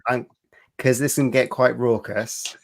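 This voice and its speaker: A man hosting a live stream chat over a video call, explaining a quiz game's rules in a relaxed way with small laughs. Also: mid-range voice, unhurried, gravelly. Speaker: stream host.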